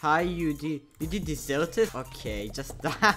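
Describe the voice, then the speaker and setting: A young man giving loud, slangy gameplay commentary, yelling and laughing as he plays. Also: fairly high pitch, very animated, measured pace, music in the background. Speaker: gaming YouTuber.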